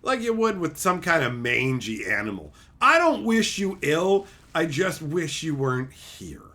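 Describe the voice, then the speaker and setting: A man's voice: on the high side, very animated, a little slow, bright, forceful tone. A man streaming live, ranting crudely and mockingly, laughing often. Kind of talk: profane rant.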